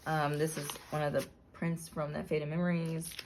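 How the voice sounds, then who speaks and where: A woman casually narrating a flip-through of her handmade journal, relaxed, with frequent ums and self-corrections. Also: deep voice, normal speed, slight background noise.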